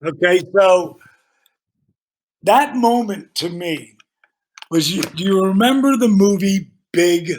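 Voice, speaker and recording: A man guest on a podcast, telling casual stories in an animated, profane way and acting out the dialogue. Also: high voice, slow pace, pauses often. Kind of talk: casual storytelling.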